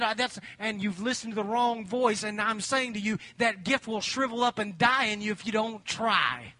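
A middle-aged man preaching a sermon as pastor in a church, swinging from loud exhortation to hushed whispers. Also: sits high, fairly quick, hardly any pauses, no echo. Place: church sanctuary.

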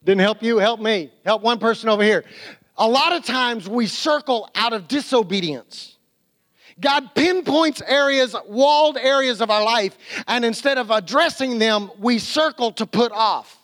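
High-voiced preacher with a drawl. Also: male voice, measured pace. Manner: animated preaching with restarts and acted-out quotes. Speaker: pastor. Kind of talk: sermon.

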